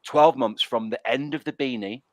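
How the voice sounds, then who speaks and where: A man's voice: mid-range voice, moderate pace, dry recording. A man hosting a casual live stream, talking bluntly with mild swearing and reading out chat messages. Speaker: stream host.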